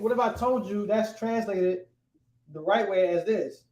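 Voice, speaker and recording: This high-pitched man teaches a language class at a measured pace, his tone somewhat dark. His manner is casual and conversational, and he keeps asking students "right?".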